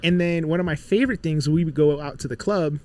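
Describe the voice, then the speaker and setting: A man from Miami in his thirties, a podcast guest telling lively stories in casual chat and acting out the voices of people he quotes. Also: on the high side, fast. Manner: animated storyteller, acts out quotes.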